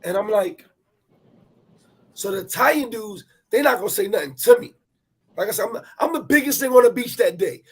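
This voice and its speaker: A man telling a personal travel story in animated, profane street talk, repeating words as he goes. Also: high voice, normal speed, pauses often, slightly rough. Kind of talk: casual storytelling chat.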